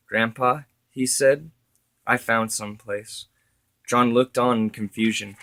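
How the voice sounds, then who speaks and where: A man reading his story aloud as narrator, steady with occasional self-corrections. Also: lowish voice, dry recording.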